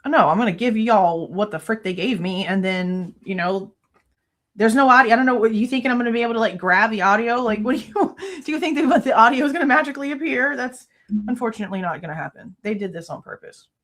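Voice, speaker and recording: A woman hosts a casual true crime livestream from home, ranting in exasperation, swearing loosely and thanking viewers between complaints. Her voice is on the high side, expressive and fast. She uses a desk mic without headphones.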